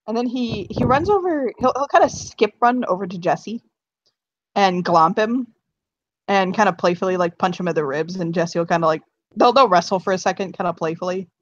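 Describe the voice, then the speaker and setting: A woman's voice: mid-range voice, normal speed. A woman at a tabletop game, rambling through what her character does in a loose, giggly way, tripping over her own restarts. She swears casually now and then. The recording sounds a bit dull and lo-fi. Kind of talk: casual role-play narration.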